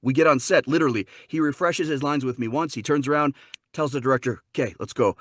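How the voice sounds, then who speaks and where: A man from Wisconsin, a dialect coach, telling a story in a lively chat on a podcast. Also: a little high, quick pace, dry recording. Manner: lively, acts out voices. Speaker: guest, dialect coach and narrator.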